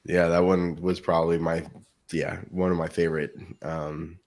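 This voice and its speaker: A man's voice: low-pitched, flat delivery, normal speed, a little mellow. A man co-hosting a casual podcast, laughing as he retells scenes. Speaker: podcast co-host. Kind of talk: casual chat.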